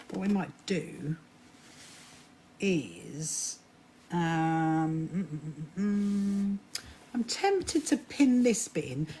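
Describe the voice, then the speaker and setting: A woman's voice: fairly low pitch, darkish tone, a little hiss or hum. A woman hosting a casual sewing live stream, chatty, often restarting her sentences and greeting viewers by name. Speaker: livestream host. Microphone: phone or camera on a live stream.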